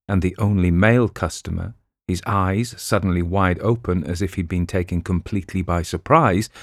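A man reading a crime novel aloud in a measured way, with the odd filler sound. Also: low voice, dry recording, studio quality. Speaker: audiobook narrator.

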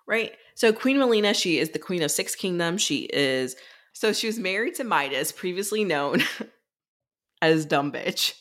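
A young woman with a fairly bright, lowish voice talks at a moderate pace with lively intonation. Co-hosting a podcast over a video call, she casually recaps a novel, chatting freely, swearing offhandedly, and acting out the characters' lines.

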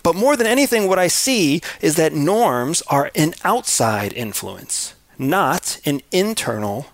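A man from the United States speaks in a measured lecturing tone, his pitch moving a lot and sitting a little high for a man. His voice has a gravelly edge, and it sounds close and dry with no room echo. He often turns to the listener with rhetorical questions. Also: very animated. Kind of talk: scripted talk on culture.

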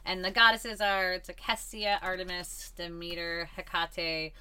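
A woman's voice: fairly low pitch, level tone, measured pace, pushed and bright, clean tone. A young woman co-hosting a podcast in a comic store, chatting casually, agreeing often and swearing freely. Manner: agreeable, frequent backchannels and laughs, casual swearing. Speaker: podcast co-host. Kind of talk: casual chat.

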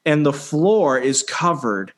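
A young man casually telling a story, swearing freely and acting out quotes with animated delivery. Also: fairly high pitch, slow pace. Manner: profane, animated, acts out quotes.

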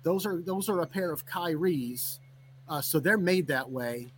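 A man, a sports reporter calling in remotely, chatting in a relaxed, rambling way with many fillers. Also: on the high side, a little slow, a little hiss or hum. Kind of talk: casual conversational chat.

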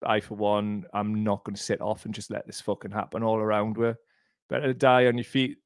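A man's voice: on the low side, level tone, brisk, no echo, studio quality. A man hosting a casual livestream, rambling, heartfelt and sweary. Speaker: podcast host.

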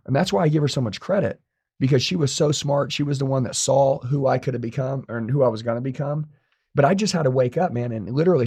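Man, interview guest, rapid and profane motivational talk, husky and dark-toned. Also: medium pitch. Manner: intense, blunt and profane.

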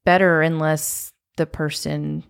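Middle-aged woman, podcast co-host, gravelly fry in the voice, short supportive replies. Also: low-pitched, flat delivery, takes it slowly. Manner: supportive, mostly brief affirmations. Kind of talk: casual podcast conversation.

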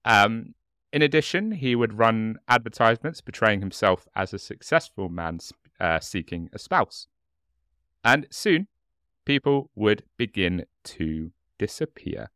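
A man co-hosting a casual true-crime podcast, talking in a relaxed, halting way with lots of fillers. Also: fairly low pitch, clean tone, dry recording, studio quality. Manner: relaxed, hesitant with many fillers, laughs often. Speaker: podcast co-host.

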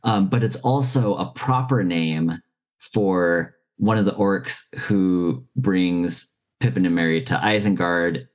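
Deep low voice, casual chat, laughs a lot, quick asides. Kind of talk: casual discussion.

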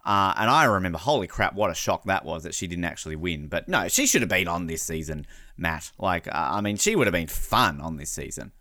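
A fast, animated Australian man chatting on a podcast, his pitch leaping around as he talks. His voice is bright and sits close on a dry mic. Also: dry recording. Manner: animated, swears freely, does mimicking impressions. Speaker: podcast co-host. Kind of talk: casual chat.

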